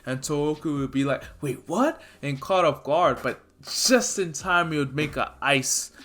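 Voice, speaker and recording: A man telling a fan-made story in a casual, rambling way. His voice is bright, and he leans on fillers and corrects himself mid-sentence. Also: a little high, moderate pace. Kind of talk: casual fan-fiction narration.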